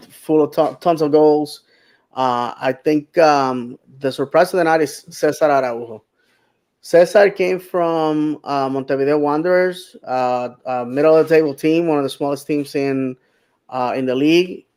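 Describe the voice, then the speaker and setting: A middle-aged man talks football in a loose, rambling way, stopping often to restart his sentences. His voice is smooth and clear at an ordinary pitch. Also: a little mellow. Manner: rambling, many fillers and restarts. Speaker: podcast co-host. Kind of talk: casual sports chat.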